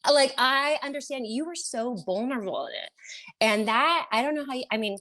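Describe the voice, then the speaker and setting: A woman's voice: high voice, expressive, a little fast, bright, forceful tone. Lady producer telling a wild story on a podcast, swears a lot, acts out her own freak-out. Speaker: reality TV producer. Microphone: podcast studio mic.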